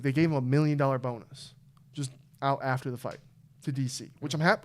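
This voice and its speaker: A young man talking casually on a podcast, his voice smooth and resonant. He rambles with restarts and flares into loud, excited bursts, then drops to low, muttered asides. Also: quick pace. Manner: excitable, swings from low mumble to loud outbursts. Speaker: podcast co-host. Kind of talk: casual chat.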